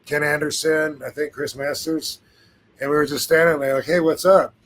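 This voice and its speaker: A man's voice: a little high, little pitch movement, moderate pace, fairly bright tone. A man hosting a podcast, telling a story in a laid-back, casual way, swearing freely and laughing now and then. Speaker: podcast host.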